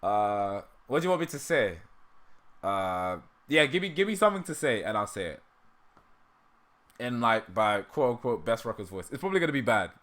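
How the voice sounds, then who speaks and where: A man's voice: on the low side, very animated, normal speed, a bit bright. A man hosting a casual livestream, laughing often and joking about himself, with a dry throat. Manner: laughs often, self-deprecating. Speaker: livestream host.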